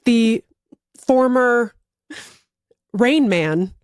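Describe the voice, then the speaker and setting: A woman in her forties co-hosting a podcast, telling a comic story in a lively way and laughing often. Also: on the high side, extremely slow, smooth, no echo. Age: 40s. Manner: animated, laughs through her own stories. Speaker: podcast co-host. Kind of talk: casual chat, comic storytelling.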